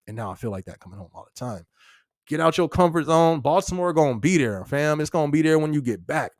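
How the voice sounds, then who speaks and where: A man's voice: medium pitch, animated, brisk, no room sound, studio quality. A young man hosting a live podcast, chatting casually in slangy, loose talk and laughing often. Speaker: podcast host. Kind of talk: casual live-stream chat.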